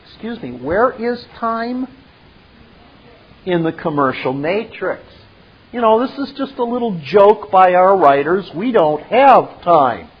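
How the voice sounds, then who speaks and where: A man slowly retelling a film scene and adding his own commentary. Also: high voice, very animated, slightly rough. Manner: slow, deliberate. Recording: dull lo-fi recording.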